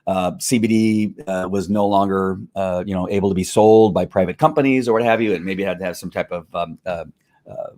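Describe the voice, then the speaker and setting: A man's voice: low-pitched, brisk, dark tone. A man chatting casually on a live stream, rambling through a product review with restarts and chuckles.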